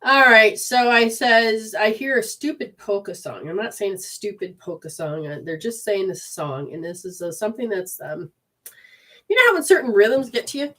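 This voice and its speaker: A woman in the middle of a live reading session, talking casually to her viewers. Her sentences ramble and restart often, and she keeps dropping into quoted voices. Her pitch sits in an ordinary middle range. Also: big pitch swings, moderate pace, bright, forceful tone. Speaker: intuitive healer giving readings to viewers.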